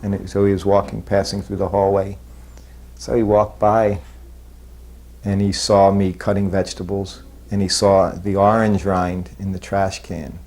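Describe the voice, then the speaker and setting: A man recalling old memories in an interview, halting and self-deprecating, with soft chuckles. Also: sits low, level tone. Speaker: former disciple recalling memories. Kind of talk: reminiscing interview.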